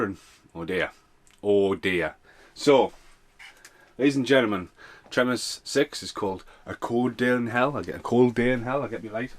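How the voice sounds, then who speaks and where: A man's voice: medium pitch, breathy edge. Swearing, rambling man. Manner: swears freely, loose and chatty. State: tipsy. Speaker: film reviewer and vlogger. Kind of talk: casual rambling rant.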